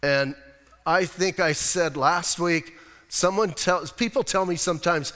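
In a church hall with long reverb, a pastor delivers a casual, plainspoken sermon to his congregation, poking fun at himself. His voice is fairly high and fairly bright, and he speaks in an unhurried way.

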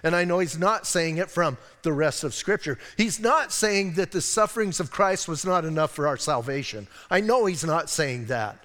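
High-voiced American pastor in a reverberant church. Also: male voice, animated, normal speed, hardly any pauses, a bit bright. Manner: casual, chatty preaching with asides and rhetorical questions. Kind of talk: conversational sermon. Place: church sanctuary. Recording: long church-hall reverb.

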